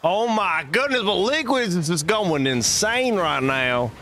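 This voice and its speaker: A folksy Southern-accented caster, as a man puts the accent on, calling a car-soccer match with goofy slang and rising hype. His bright, forceful tone pushes every play along with a faint hum behind him. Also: sits high, lively intonation, measured pace, pitched above the performer's own voice, heavily acted. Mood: excited. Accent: put-on Southern US. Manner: hyped, goofy made-up slang. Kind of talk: live esports commentary.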